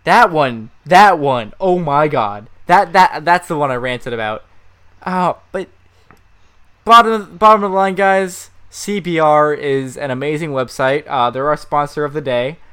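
A man co-hosting a casual chat, animated, jumping loud now and then with shouted sound effects. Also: fairly high pitch, unhurried, clear, resonant tone. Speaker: co-host.

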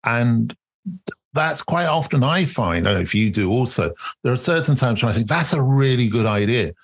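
Guy hosting a podcast, husky voice, mid-pitched, chatting thoughtfully. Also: animated, moderate pace. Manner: thoughtful, reflective, mild restarts. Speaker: podcast host. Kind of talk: casual conversation.

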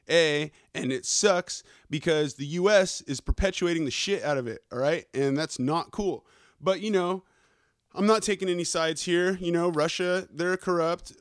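A man hosting a podcast who rambles through a casual news rant, swearing constantly, talking fast and wired on coffee and checking in with his listeners. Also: a little high, clear, resonant tone, dry recording, studio quality. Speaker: podcast host.

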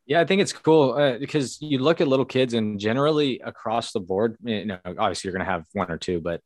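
A man's voice: medium pitch, a little fast, dry recording, studio quality. A man in his thirties co-hosting a podcast in a laid-back, chatty way with many fillers. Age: 30s. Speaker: podcast co-host. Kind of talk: casual chat.

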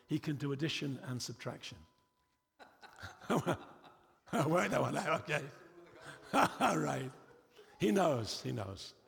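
A man's voice: mid-range voice, vocal fry, a bit bright, in a large hall. A man preaching a sermon in a church, emphatic and repetitive, with frequent rhetorical questions.

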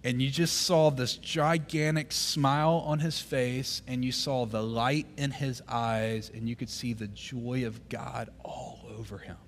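Pastor preaching a sermon. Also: male voice, mid-range voice, steady tone, measured pace, hardly any pauses, a little hiss or hum.

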